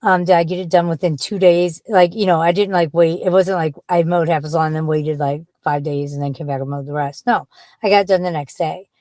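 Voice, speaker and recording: A woman's voice: lowish voice, steady tone, brisk, dark tone, dry recording. Blunt, foul-mouthed woman rambling in her car. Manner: blunt, rambling, swears freely. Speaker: vlogger. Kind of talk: casual chat. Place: inside her parked car.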